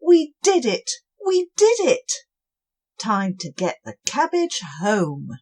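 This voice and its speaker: A woman voicing a band of small, brave storybook creatures who cry out together in loud, eager voices. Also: slow, full character voice. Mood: excited, sweet. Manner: loud excited cries, high and eager.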